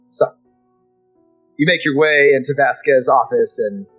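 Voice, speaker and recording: A man's voice: medium pitch, measured pace, a bit bright, breathy edge, faint music behind, rough recording. A man narrating a tabletop role-playing game as game master, vivid and casual, swearing freely.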